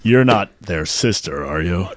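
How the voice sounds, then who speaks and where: A man putting on the voice of a big, oafy male alien, talking slow and loud as an impression. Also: deep voice, animated, no room sound. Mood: joking impression.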